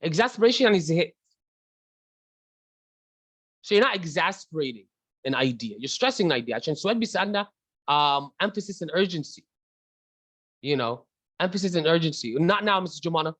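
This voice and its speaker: A man's voice: fairly high pitch, expressive, quick pace, pauses often, fairly bright tone, no room sound, low-quality recording. A man with an Egyptian accent teaching an online class. He switches between English and Arabic mid-sentence and calls on students by name. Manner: chatty, addresses students by name.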